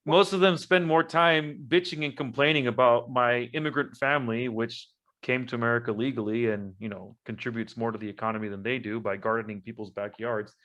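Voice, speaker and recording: A male podcast host in loose, irreverent chat, tossing in crude jokes and short laughs. His voice sits at an ordinary middle pitch. He stumbles into restarts as he reads an article aloud. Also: fairly even intonation, fairly quick, a bit bright.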